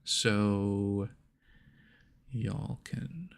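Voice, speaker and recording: A man hosting a whispered ASMR chat into an ears mic, soft and rambling, laughing at himself. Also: medium pitch, slow, vocal fry, slightly rough. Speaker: ASMR channel host. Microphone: homemade binaural ears mic.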